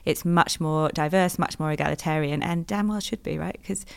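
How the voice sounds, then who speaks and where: A woman's voice: low voice, normal speed, vocal fry, dry recording. A middle-aged woman with a British accent, a guest in an interview, talking in an articulate, emphatic way and laughing easily. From Britain. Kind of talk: conversational interview.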